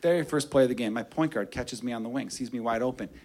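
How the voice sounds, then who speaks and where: A man telling a stand-up story, profane and animated, dropping low and hushed then getting loud. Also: quick pace, a little hiss or hum. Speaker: stand-up comedian.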